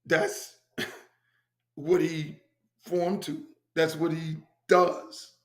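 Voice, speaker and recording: A man's voice: fairly high pitch, little pitch movement, drawn-out words, roomy sound. A middle-aged man from Miami hosting his own show, telling stories in a brash, profane, repetitive way. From Miami, USA. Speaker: host. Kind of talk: casual storytelling monologue.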